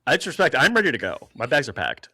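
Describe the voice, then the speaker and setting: Excited podcast guest guy, very bouncy pitch, dry close mic. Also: husky, no echo. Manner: enthusiastic, quick reactions. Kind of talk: casual movie chat.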